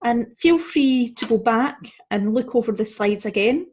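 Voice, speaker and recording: A woman's voice: a little high, darkish tone, slight background noise. Woman teaching beginner Spanish pronunciation. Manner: explains step by step, checking in with "okay?" and "right?"; models Spanish words slowly and clearly. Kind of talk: recorded beginner language lesson.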